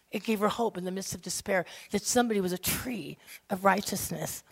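A woman preaching a sermon, telling stories animatedly and acting out the people in them, swinging between loud excitement and quiet intensity. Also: mid-range voice. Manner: acts out quoted people in her stories.

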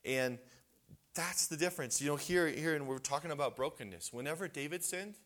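A man's voice: a little high, a little fast, fairly bright tone. A man giving a conversational sermon at a men's retreat, earnest and casual, often restarting his sentences.

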